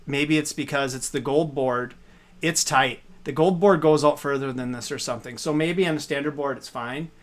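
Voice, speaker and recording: A man's voice: medium pitch, normal speed. A man casually explaining arcade hardware on a live stream, rambling with fillers as he points things out.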